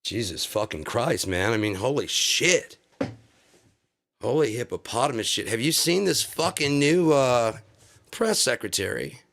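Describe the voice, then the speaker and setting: A man's voice: mid-range voice, animated, measured pace, vocal fry, a bit bright. A man on a live stream delivering an angry, profane political rant full of insults.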